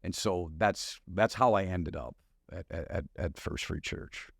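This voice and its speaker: This low-pitched, unhurried voice with some vocal fry belongs to a middle-aged man from Wisconsin, a guest pastor telling his testimony. The studio sound is clean with no room sound, and he keeps it animated, laughing frequently and performing the conversations.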